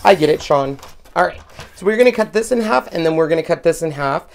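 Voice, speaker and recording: A woman's voice: low-pitched, animated, fast talker, darkish tone, a little hiss or hum. A woman hosting a craft demonstration, chatting casually and laughing at herself while she works. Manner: chatty, self-deprecating, laughs often. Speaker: craft channel host. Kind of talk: casual craft demo chat.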